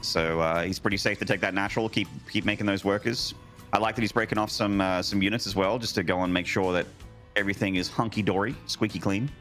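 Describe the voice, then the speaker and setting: A man walks through live esports strategy in a measured, explanatory way. His voice sits on the low side, and he breaks up the analysis with playful remarks. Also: steady tone, a bit bright, soft background music. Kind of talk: live game analysis commentary.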